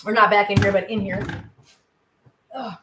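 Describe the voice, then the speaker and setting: A woman's voice: medium pitch, fairly even intonation, normal speed, distant mic, background noise. Chatty woman cooking in an echoey kitchen. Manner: chatty, talks to her cats. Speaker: vlogger cooking dinner. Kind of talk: casual chat while cooking. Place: home kitchen.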